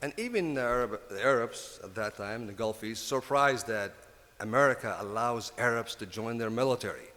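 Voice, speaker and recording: A man in his fifties from Lebanon with a heavy Lebanese Arabic accent. He speaks on a panel in halting bursts with many restarts. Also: medium pitch, a bit bright. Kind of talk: panel talk. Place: convention hall. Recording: reverberant conference hall.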